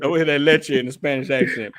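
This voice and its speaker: A man on a livestream panel bantering in an animated, teasing way. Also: mid-range voice, racing, a crowd in the background.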